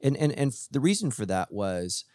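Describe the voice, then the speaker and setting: A man co-hosting a podcast as a pastor, talking in a casual, animated way, joking at his own expense and restarting his sentences often. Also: medium pitch, moderate pace, dry recording. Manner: animated, joking, self-deprecating with many restarts. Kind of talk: casual chat.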